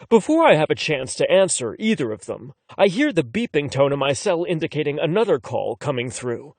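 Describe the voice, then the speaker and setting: A man's voice: on the high side, sing-song, brisk, hardly any pauses, no echo. A man narrating a first-person romance audiobook in a wry, conversational way.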